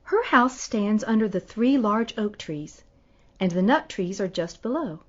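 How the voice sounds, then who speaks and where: A woman voicing an innocent, cheerful young girl in a storybook, speaking slowly and earnestly. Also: mid-range voice, expressive, dull audio.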